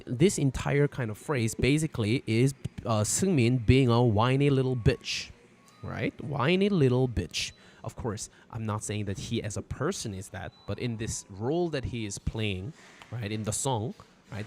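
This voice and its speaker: A man's voice: mid-range voice, a little mellow. A man teaching a casual, irreverent language lesson on a live stream from outdoors, swearing freely as he explains. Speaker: Korean teacher.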